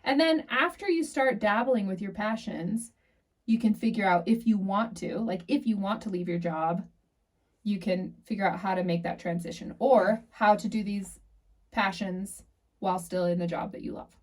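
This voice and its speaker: A woman co-hosting a podcast talks through advice in an easy, encouraging, chatty way. Her voice sits at a middle pitch. She sounds slightly distant from the microphone. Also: normal speed. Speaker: podcast co-host. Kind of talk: casual podcast chat.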